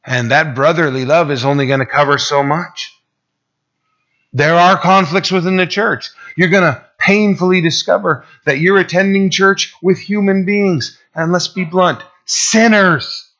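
A man's voice: on the high side, steady tone, normal speed, fairly bright tone, highs cut off. A man preaching a sermon to his church, talking in a conversational way that climbs to emphatic peaks. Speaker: pastor.

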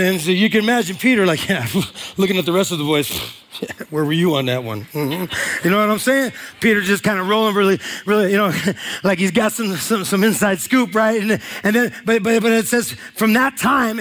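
High-voiced pastor, slangy and lively. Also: male voice. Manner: casual slangy retelling with voiced asides. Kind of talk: sermon.

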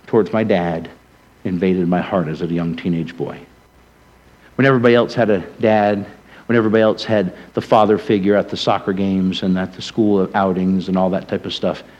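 Dramatic male preacher, hushed to emphatic. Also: mid-range voice, low-quality recording. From Rhode Island, USA. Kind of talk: sermon storytelling.

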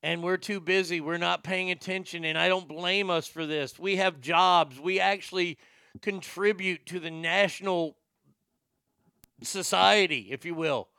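A man's voice: sits high, steady tone, a little slow, creaky, sharp tone, clean tone, no echo. An older man giving heated, profane and sarcastic political commentary.

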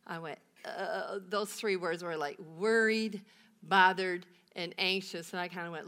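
A woman's voice: on the low side, fairly even intonation, normal speed, fairly bright tone. A woman pastor giving a sermon, telling a Bible story with rhetorical questions and emphatic repetition.

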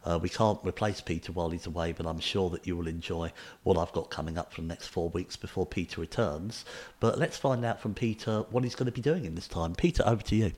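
A man hosting a radio interview, relaxed and hesitant with many fillers. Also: low voice, quick pace, breathy edge. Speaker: radio show host.

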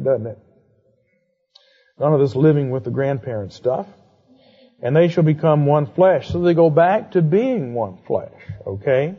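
Man, Bible lecture, conversational, rhetorical questions, playful asides, muffled low-fidelity sound. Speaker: Bible teacher. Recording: dull lo-fi recording.

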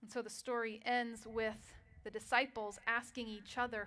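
A woman preaching a sermon, telling a story and dropping to a quiet voice for dramatic moments. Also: fairly high pitch, flat delivery, normal speed, hardly any pauses.

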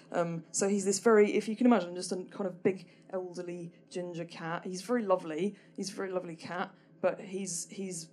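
A woman's voice: on the low side, darkish tone. A young woman telling a stand-up story on stage, hesitant and rambling, full of ums and restarts, with a dry, self-deprecating humour. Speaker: stand-up performer. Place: small comedy venue stage.

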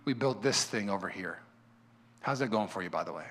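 A male pastor preaching a sermon in a fervent, fired-up manner with quick repeats. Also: on the low side, expressive, a bit bright.

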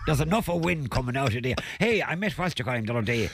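A man's voice: medium pitch, sing-song, a little fast, heavy background noise. An older Irish man rambling through anecdotes on a chat show, chuckling at his own jokes. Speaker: weekly guest contributor.

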